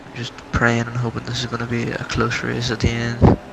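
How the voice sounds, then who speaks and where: A man's voice: mid-range voice, completely flat delivery, a little fast, gravelly. A man casually commentating a sim race, chatty and wondering aloud. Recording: noisy game audio behind. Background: racing car engine noise.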